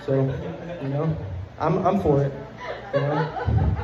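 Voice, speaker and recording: A young male comedian with a fairly high voice rambles through a stand-up set, piling up fillers and swear words and chuckling at his own lines. The sound comes from a handheld mic in a roomy club and is a bit dull. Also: slow, a crowd in the background. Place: comedy club stage before a live audience.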